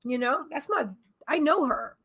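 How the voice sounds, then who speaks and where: A woman's voice: high-pitched, animated, unhurried, creaky, a bit bright. A woman hosting a casual psychic livestream, talking in a rambling, emotional way with many restarts. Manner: coos in baby talk to her pets. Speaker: psychic reader and healer, livestream host.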